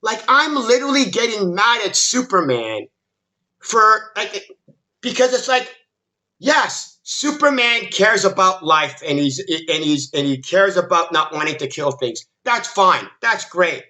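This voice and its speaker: A man's voice: high-pitched, very animated, a little slow, pushed and bright. A man giving an exasperated, emphatic movie critique monologue, often restarting his sentences as he rants. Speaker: film commentary YouTuber.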